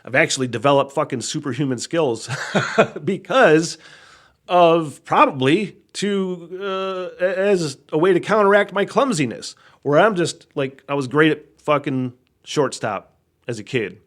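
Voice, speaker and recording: A man's voice: a little high, unhurried. A man hosting his own podcast, telling a rambling, profane story in a solo monologue and often breaking into laughter. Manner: animated storytelling. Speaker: podcast host.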